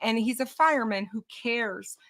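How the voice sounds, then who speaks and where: A woman hosting a true crime show on a livestream, over a video call. Her voice sits rather high and sounds very bright and clear. She speaks gently to reassure, slowly and with pauses. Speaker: true crime channel host. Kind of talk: casual livestream chat.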